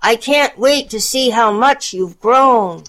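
A woman's voice: on the high side, slow, a bit bright, voice pushed up. A woman voicing a sly, hungry male wolf who speaks in a falsely pleasant, coaxing way, in a storybook reading. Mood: falsely sweet.

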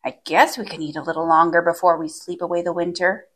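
A woman's voice: on the low side, fairly even intonation, quick pace, slightly rough. A woman doing a patient, weary mother bear. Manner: patient, firm.

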